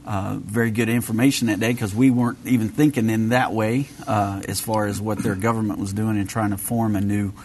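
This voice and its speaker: A man's voice: on the low side, steady tone, a little mellow, slight background noise. A man co-hosting a radio talk show, speaking easily with lots of uh fillers. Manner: easygoing, halting with many uh fillers.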